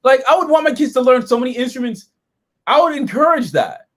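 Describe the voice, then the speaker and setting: A man's voice: very high-pitched, fairly quick. A man hosting a casual review chat, rambling and swearing freely as he talks through an episode. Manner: animated, profane, rambling. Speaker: show host reviewing episodes.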